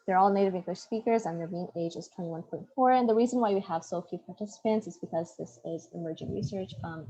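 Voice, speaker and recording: A woman's voice: medium pitch, warm tone, low-quality recording. A young woman, an undergraduate, presenting her research project, a bit hesitant and often restarting her sentences. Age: young adult. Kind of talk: academic presentation. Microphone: computer mic for an online presentation.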